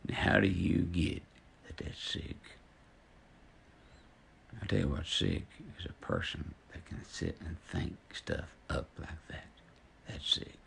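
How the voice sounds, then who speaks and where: A man's voice: sits low, takes it slowly, gravelly, a bit bright, slight background noise. A man telling folksy stories on a live stream, blunt and indignant.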